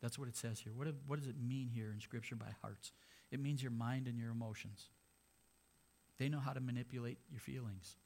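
A man's voice: mid-range voice, fairly even intonation, brisk, a little mellow. A man, a pastor, preaching a sermon in a conversational way, with sarcastic asides.

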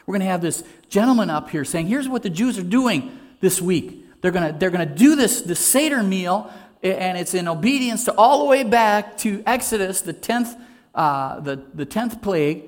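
A man's voice: sits high, expressive, moderate pace. A man preaching a sermon in an earnest, conversational way, asking his listeners rhetorical questions. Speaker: pastor.

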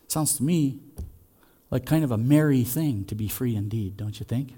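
A man preaching a sermon in a conversational way, asking the congregation questions and swinging between loud and soft. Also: mid-range voice, moderate pace. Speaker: pastor.

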